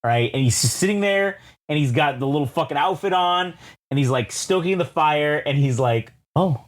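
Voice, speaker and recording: A male podcast co-host with a slightly high, very lively voice that swoops up and down as he spins a rambling tale. He swears freely and slips into the voices of the people in his story. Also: moderate pace. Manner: animated, swearing, acts out characters in his story. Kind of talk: casual chat, storytelling.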